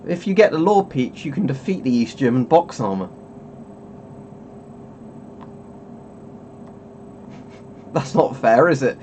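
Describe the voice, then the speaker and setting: A man's voice: mid-range voice, expressive, very slow, long pauses, a little mellow, a little hiss or hum. Rambling man chatting on stream. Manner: rambling, chuckling, self-interrupting. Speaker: streamer host. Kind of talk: casual webcam stream chat.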